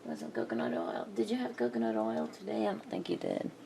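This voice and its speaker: A woman's voice: a bass voice, wildly swooping pitch, fast, vocal fry, warm tone, slight background noise. A woman chatting casually to herself while she crafts, muttering and laughing often. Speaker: craft video maker.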